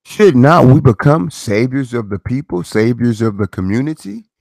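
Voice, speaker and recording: A middle-aged man runs his own commentary channel, delivering a casual monologue in a preachy style full of rhetorical questions and repeated phrases. His mid-range voice moves at a normal pace, a little mellow with some vocal fry. The sound is studio quality with no echo.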